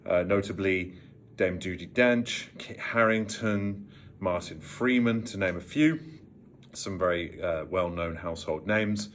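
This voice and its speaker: A man in his thirties from Worcestershire, speaking with a trained neutral British accent and a tired edge with slight vocal fry, explaining voice technique in a measured, precise way. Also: low-pitched, a bit bright, a little hiss or hum. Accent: trained neutral British English. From Worcestershire, England. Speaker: voice coach. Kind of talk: talking-head vocal lesson.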